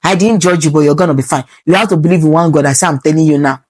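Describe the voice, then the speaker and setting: A woman's voice: low voice, very fast, darkish tone, no room sound. Young woman, Nigerian accent, preachy vlog advice with pidgin asides, dry close mic. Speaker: medical student vlogger.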